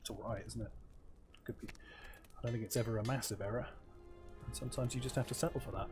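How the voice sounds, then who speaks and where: Male gameplay commentator, mid-pitched, dry and self-mocking, mulling choices out loud, soft game music underneath. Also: steady tone, quick pace. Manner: wry, self-deprecating, thinking aloud. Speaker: let's play host. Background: faint game music.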